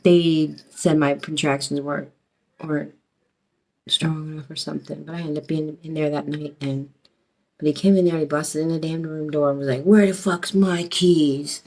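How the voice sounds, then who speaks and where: Low-voiced middle-aged woman telling her story. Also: little pitch movement, moderate pace, gravelly, a little mellow. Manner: rambling, profane, emotional, many restarts. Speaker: storyteller recounting her past. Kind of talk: casual personal storytelling.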